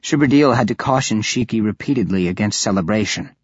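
Husky male audiobook narrator. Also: fairly low pitch, fairly quick, no echo. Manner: steady, even storytelling. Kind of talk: scripted fantasy audiobook narration. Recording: dull lo-fi audiobook recording.

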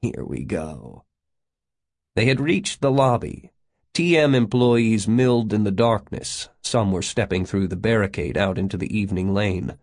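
Low-voiced male audiobook narrator. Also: normal speed, a little mellow. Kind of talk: scripted narration.

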